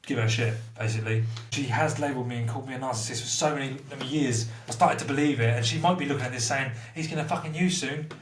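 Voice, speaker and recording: A man speaks quickly and bluntly as a guest in a candid conversation about recovery. His talk is rambling and emotional, with heavy swearing. The recording is echoey and he sits a little away from the mic. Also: mid-range voice, steady tone, far from the mic, slight background noise. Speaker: interview guest.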